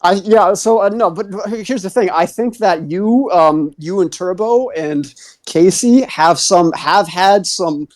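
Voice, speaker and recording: Combative high-voiced man arguing. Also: unhurried. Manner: combative, cursing, talks over others. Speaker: debate guest. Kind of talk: heated online debate.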